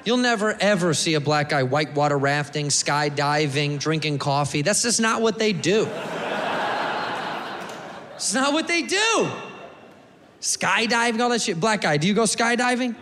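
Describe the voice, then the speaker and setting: A man from the United States doing a stand-up comedy set, animated and profane, slipping into funny voices for the people he mimics. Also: sits high, moderate pace. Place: comedy club stage. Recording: live club mic, echoey hall, audience noise. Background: audience laughter.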